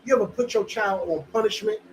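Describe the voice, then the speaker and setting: A man with a New Jersey accent leads a Bible lesson, his voice sitting notably high. He talks blunt and profane, hammering each point home in plain street language. A faint noise runs under the recording. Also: quick pace, low-quality recording. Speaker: teacher leading a scripture study.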